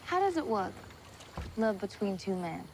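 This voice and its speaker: A woman's voice: medium pitch, very animated, moderate pace, a little mellow, a little hiss or hum. Wry young vampire girl. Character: sharp-tongued young vampire girl narrating a diary. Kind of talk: dramatic series dialogue and voice-over. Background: score music.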